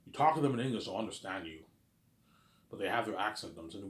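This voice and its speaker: A man's voice: lowish voice, lively intonation, quick pace, pauses often, reverberant. A man from Canada talking in a rambling, repetitive casual monologue, swearing offhandedly and often asking "you know what I'm saying". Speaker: vlogger.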